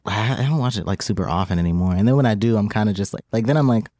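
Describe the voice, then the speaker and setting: A young man co-hosting a podcast in casual chat, teasing with deadpan jokes. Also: fairly low pitch, very fast, no room sound, studio quality. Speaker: podcast co-host.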